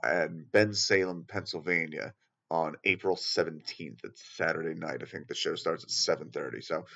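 A man's voice: a bass voice, steady tone, normal speed, sharp tone, highs cut off. A man hosting a podcast, plugging his shows in an offhand, joking way. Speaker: podcast host. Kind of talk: outro promo.

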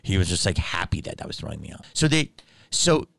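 A man hosting a podcast, telling a story in an animated, profane way and acting out both sides of a quarrel. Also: low voice, a little fast, vocal fry, no echo. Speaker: podcast host. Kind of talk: comedic storytelling.

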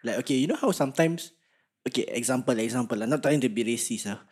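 A man's voice: mid-range voice, quick pace, darkish tone, breathy edge. A young man with a Singaporean accent co-hosting a casual podcast, bantering crudely with local slang and frequent laughs. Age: young adult. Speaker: podcast co-host. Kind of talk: casual chat.

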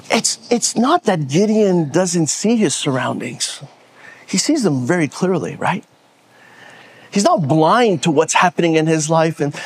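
A man's voice: high-pitched, husky. A pastor preaching a sermon from the stage, often repeating words as he builds to a point and rallying his listeners. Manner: repeats words when stressing a point, rallies the audience.

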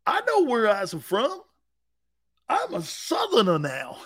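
A man doing a mocking impression of a middle-aged male coach who puts on a folksy, drawn-out hillbilly twang. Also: very high-pitched, expressive, a bit bright, pitched above the performer's own voice.

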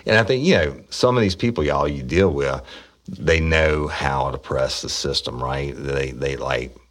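A man's voice: rumbling low, measured pace, fairly bright tone. A middle-aged man, a former police officer, telling rambling, profane stories in casual talk. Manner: rambling, profane, with frequent restarts. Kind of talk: casual storytelling.

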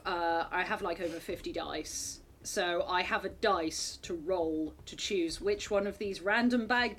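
A woman's voice: medium pitch, fairly bright tone, slight background noise. Playful woman at the gaming table. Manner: casual, playful, hesitant fillers. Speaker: player. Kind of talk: tabletop game chat.

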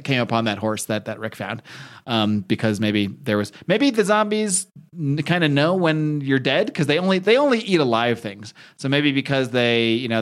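A man's voice: medium pitch, fairly bright tone. A man casually recapping a comic book on a podcast, rambling with fillers and swearing now and then. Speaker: podcast host.

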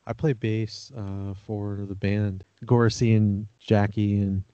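A man playing bass in a band, chatting in a hesitant way full of ums, with a gravelly voice. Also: level tone, slow pace, dark tone, no room sound. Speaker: bass player. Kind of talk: casual chat. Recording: dry, muffled lo-fi audio.

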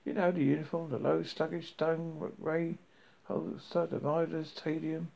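A man voicing a dim-witted alien guard who answers slowly and haltingly. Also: on the high side, little pitch movement, creaky, a little mellow. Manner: slow, dull-witted, hesitant. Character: dim, sluggish male alien guard, a Vogon. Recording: dull lo-fi recording.

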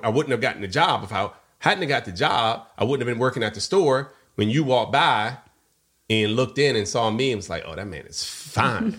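A middle-aged man co-hosting a podcast, telling a personal story in a casual way and acting out the people in it. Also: mid-range voice. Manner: animated storyteller, acts out quoted voices. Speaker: podcast co-host.

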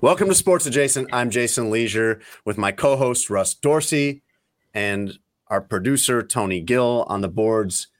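A man's voice: mid-range voice, expressive, normal speed, no echo, studio quality. A man hosting a sports podcast, talking in loose, joking, rambling chat. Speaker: podcast host. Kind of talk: casual chat.

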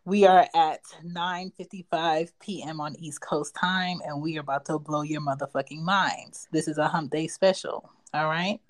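A woman's voice: low-pitched, fairly even intonation, moderate pace, hardly any pauses, no echo. A woman co-hosting a late-night podcast, talking in a brash, profane and teasing way. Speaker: podcast co-host. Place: home desk.

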